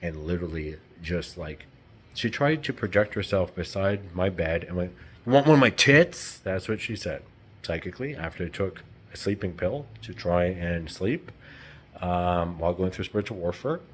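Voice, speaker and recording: A man's voice: deep voice, normal speed, husky. A man talking in a rambling, heated, profane unscripted monologue.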